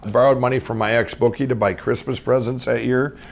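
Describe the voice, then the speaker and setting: A middle-aged man from Minnesota telling his own life story off the cuff, rambling with many restarts and swinging between excited and hushed. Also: medium pitch, a little fast, vocal fry. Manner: rambling, full of restarts and "I'm going". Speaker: guest storyteller. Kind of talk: unscripted personal storytelling.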